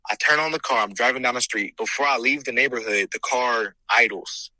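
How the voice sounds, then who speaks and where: Earnest young man, bright close voice. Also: medium pitch, fairly quick, dry recording, rough recording. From California. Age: young adult. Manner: earnest, animated storytelling with preacher-like emphasis. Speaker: guest, host's son. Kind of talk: casual faith conversation.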